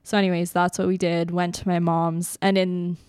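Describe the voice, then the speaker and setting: A woman's voice: on the low side, level tone, normal speed, a little mellow, clear, resonant tone, dry recording, clean studio sound. A young woman from Canada co-hosting a podcast, telling a personal story in a chatty way, with many fillers and laughs between lines. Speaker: podcast co-host. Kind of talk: casual storytelling.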